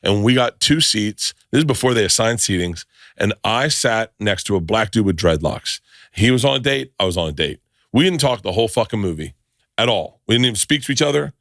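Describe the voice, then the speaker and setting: Middle-aged man, animated profane storyteller. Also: fairly low pitch, brisk, no room sound, clean studio sound. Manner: animated storyteller, swears freely, restarts sentences. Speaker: podcast host. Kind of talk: casual chat.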